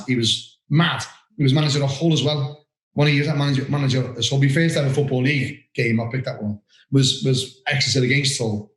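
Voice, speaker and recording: A man co-hosting a casual referees' podcast, telling anecdotes with lively mimicry. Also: medium pitch. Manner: animated anecdote-telling with mimicked voices and laughter. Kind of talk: casual chat, storytelling. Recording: roomy echo.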